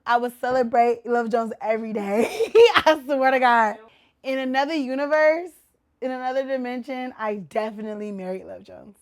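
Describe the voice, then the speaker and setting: A woman hosting her own podcast in casual chat, animated and a little tipsy, with loud exclamations and slang. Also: a little high. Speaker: podcast host.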